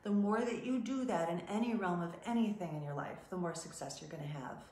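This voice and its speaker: In a roomy space with slight background noise, a middle-aged woman speaks in a lowish voice at a fairly quick pace. She is a modeling agent teaching casually in a chatty, animated way, acting out what her clients said.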